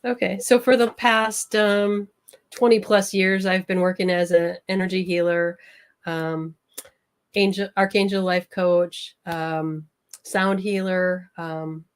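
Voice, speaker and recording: A woman from Minnesota being interviewed as a guest, talking in a relaxed, giggly, conversational way over a video call. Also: fairly low pitch, slow, clean tone. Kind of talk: casual interview chat.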